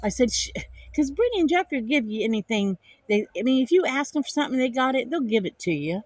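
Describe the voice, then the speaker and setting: A middle-aged woman vlogger tells an angry story to the camera, animated and indignant, repeating phrases for emphasis. Her voice sits high and she talks fast, with no echo.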